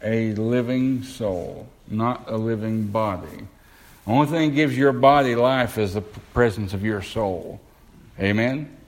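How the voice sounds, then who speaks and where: Lowish-voiced guy preaching, earnest, gets loud on the bible quotes. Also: unhurried. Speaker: pastor. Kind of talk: sermon.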